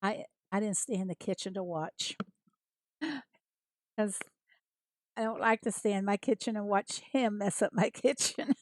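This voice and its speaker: A woman's voice: mid-range voice, unhurried, pauses often, no room sound. An American woman chatting casually with viewers as she streams a farming game, greeting them by name and laughing often. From United States. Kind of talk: casual livestream chat.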